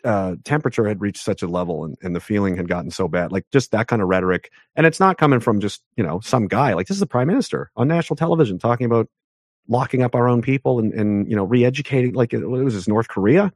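A man from Canada talks at a rapid clip as an interview guest, hammering his points home in a heated rant. His voice leaps upward whenever he stresses something. The sound is dry and close, with no room around it. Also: no echo. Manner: emphatic, ranting, pitch jumps up sharply for emphasis.

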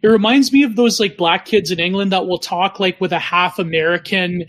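Guest, man, high light voice, agreeable and chuckling. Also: brisk, a bit bright. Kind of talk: casual chat.

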